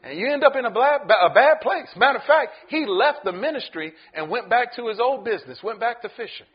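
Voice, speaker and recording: Animated pastor preaching a sermon. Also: male voice, very high voice, a little fast, slightly rough, muffled recording. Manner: animated, acts out voices in the story.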